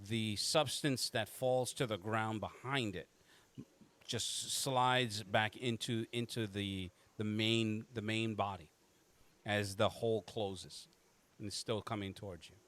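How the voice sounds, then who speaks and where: A man's voice: on the low side, slow. A man narrating as game master of a tabletop game, with frequent restarts as he describes the scene. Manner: animated, stumbling restarts.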